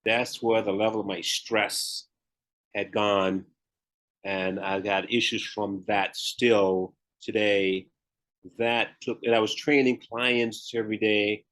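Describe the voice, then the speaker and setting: A man's voice: on the low side, level tone, slow pace, fairly bright tone, rough recording. A man with a Southern US accent, a guest on a podcast, telling his story candidly and laughing often. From Memphis, Tennessee, US Southern. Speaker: guest, retired pro bodybuilder and author. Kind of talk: podcast interview.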